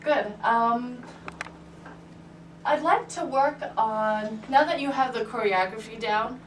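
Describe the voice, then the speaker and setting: A woman's voice: on the high side, slow pace, slight background noise. Encouraging woman piano teacher, distant. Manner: patient, encouraging, many checking "right?" and "okay". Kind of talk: private music lesson. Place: room with a piano. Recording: roomy, distant, piano playing.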